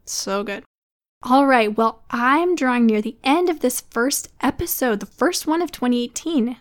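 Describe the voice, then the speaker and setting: A woman in her thirties hosting a casual solo podcast, chatty and encouraging as she talks to other mothers. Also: a little high. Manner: warm, encouraging, chatty with laughs. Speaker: podcast host.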